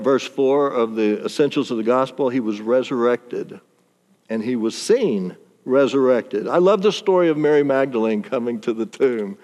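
Storytelling male preacher in a hall. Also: medium pitch. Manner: animated storytelling, chuckles often. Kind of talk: sermon. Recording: long reverb in a large hall.

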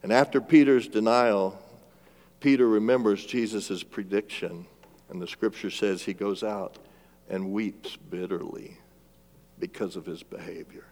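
A man preaching a sermon as pastor, swinging between loud emphatic lines and hushed, drawn-out phrases and calling for responses from the congregation. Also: lowish voice, fairly even intonation. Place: church sanctuary. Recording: long reverb of a large church hall.

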